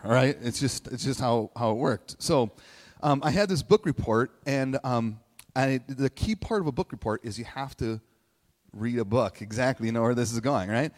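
A man telling a personal story in a sermon, chatty and animated, acting out quotes in playful voices. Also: medium pitch, moderate pace. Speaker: speaker giving a message to a congregation. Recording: long hall reverb.

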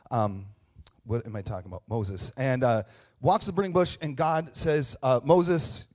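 A man delivering a conversational sermon as a pastor, telling stories with joking asides and plenty of fillers. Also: mid-range voice. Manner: conversational, self-deprecating, lively storytelling with asides and fillers.

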